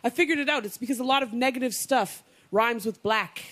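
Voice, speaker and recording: A young woman from Canada performing a stand-up comedy set, animated and punchy with quick asides. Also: a little high.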